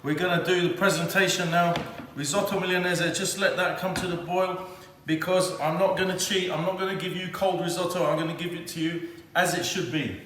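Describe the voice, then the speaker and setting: A man's voice: high voice, fairly even intonation, a little fast, fairly bright tone, slight background noise. A man hosting a home cooking demonstration, theatrical and exuberant, talking straight to his viewers. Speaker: cooking show host. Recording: very echoey kitchen with long reverb.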